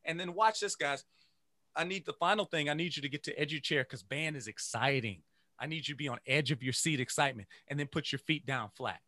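A man who teaches music, giving an energetic motivational talk to teachers and chanting phrases in rhythm. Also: a little high, brisk, dry recording. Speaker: music educator.

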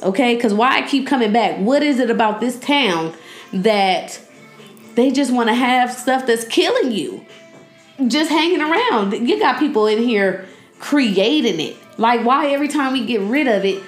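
Chatty young woman with a loud, joking delivery. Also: a little high, moderate pace, soft background music. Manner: loud, joking and animated, talks back to the screen. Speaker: podcast host. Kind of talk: casual chat. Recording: echoey room.

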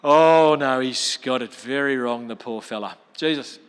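A man's voice: medium pitch, measured pace, smooth, natural voice. An Australian man preaching, putting on a blunt, overconfident friend who corrects his mate, in his own voice. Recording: long reverb of a large hall.

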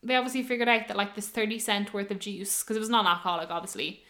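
Young woman, bright ringing tone, casual storytelling, animated quoted voices. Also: mid-range voice, quick pace. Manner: animated, quoting others in lively voices.

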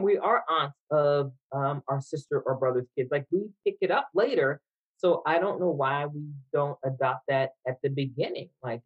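A woman's voice: sits low, breathy edge. Hesitant reflective woman, dull sound. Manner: reflective, hesitant, thinks aloud. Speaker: podcast guest. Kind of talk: casual conversation.

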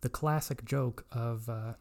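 A man's voice: mid-range voice, fairly even intonation, measured pace, gravelly. A young man hosting a casual solo podcast, rambling, profane and self-mocking. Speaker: podcast host.

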